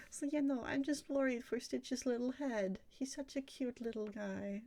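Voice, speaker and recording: A woman's voice: a little high, measured pace, warm tone. A young woman chatting casually on a livestream while she draws. She rambles, laughs often and swears freely. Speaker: streamer.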